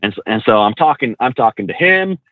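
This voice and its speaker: A man who trains truck drivers tells stories in a casual, animated way, cursing freely and calling people "bro". His voice sits at an ordinary pitch. The sound is dry and thin, like a phone line. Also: fast, dry recording. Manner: animated, swears freely, says "bro" and "dude". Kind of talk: casual storytelling in an interview.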